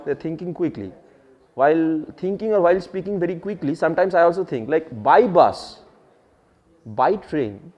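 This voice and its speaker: Teaching English with an Indian English accent, a man with a high-pitched, slightly mellow voice shifts into Hindi to explain vocabulary. He quizzes the students, explains what words mean, and repeats key phrases; the classroom recording sounds dull and lo-fi.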